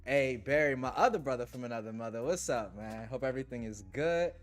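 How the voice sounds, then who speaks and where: Man, tech livestream host, casual slang, laughs a lot, mid pitch, faint music behind. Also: a little fast. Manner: laid-back slang, laughs often, shouts out viewers. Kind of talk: casual livestream chat reading super chats.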